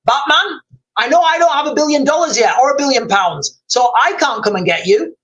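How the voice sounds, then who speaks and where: A man's voice: very high-pitched, animated, fairly quick, fairly bright tone, low-quality recording. Urgent man hosting a livestream. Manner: urgent, rambling, keeps calling viewers "guys". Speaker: livestream host. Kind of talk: livestream commentary.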